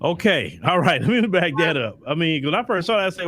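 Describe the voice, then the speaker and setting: Guy with high bouncy voice lecturing his viewers, keeps repeating himself. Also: very animated, fairly quick, fairly bright tone. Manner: preachy, repeats himself, speaks straight to his audience. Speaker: podcast host. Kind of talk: animated commentary.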